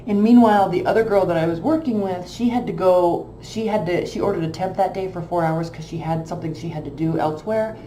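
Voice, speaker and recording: Woman, casual storytelling, emotional and animated, mellow low voice, echoey room. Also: a little fast, few pauses, slight background noise. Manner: emotional, animated retelling with many fillers. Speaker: tarot channel host.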